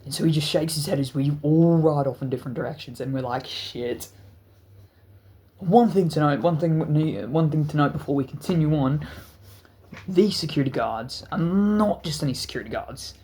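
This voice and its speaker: A man's voice: fairly high pitch, brisk. A man telling a wild story in a storytime vlog, stuttering often and cursing freely. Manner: stuttering, profane, animated storytelling. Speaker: channel host.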